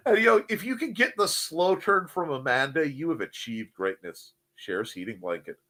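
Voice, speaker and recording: A man's voice: fairly high pitch, expressive, moderate pace, bright, forceful tone. A man hosting a casual morning show, joking, rambling and reading out chat messages. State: cold.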